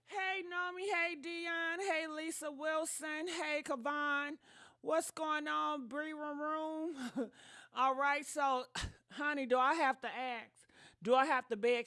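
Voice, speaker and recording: A woman hosts a casual livestream, animated and sassy as she talks straight to her viewers. Her voice sits high, and the sound is dry and close with no room to it. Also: no room sound. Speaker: commentary channel host.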